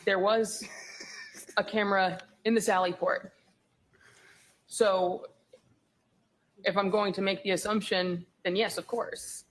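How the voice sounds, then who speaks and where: A woman police officer testifying in court, keeping her answers guarded and short. She speaks in a middle-pitched voice. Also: fairly even intonation, slow, pauses often, poor audio.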